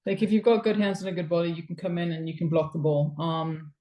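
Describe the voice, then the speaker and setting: A woman's voice: fairly low pitch, level tone, quick pace, dark tone. A woman with a Gibraltarian English accent, co-hosting a podcast and explaining coaching points in a loose, thinking-aloud way. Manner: explanatory, restarts and trails off in thought. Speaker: podcast co-host and pickleball coach. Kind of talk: casual chat. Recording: echoey room.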